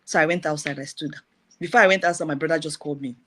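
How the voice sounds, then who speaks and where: A middle-aged woman giving a personal testimony, retelling events in a lively way with repeated phrases. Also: low voice, fast.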